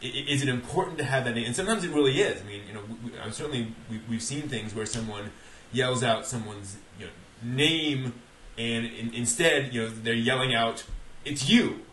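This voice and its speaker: A man's voice: medium pitch, fairly quick, a bit bright. A man chats casually on a podcast, circling through restarts and hesitant asides. His voice carries a roomy echo, and a faint hiss runs underneath it. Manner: rambling, hesitant, with many restarts and laughs. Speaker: podcast co-host. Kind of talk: casual chat.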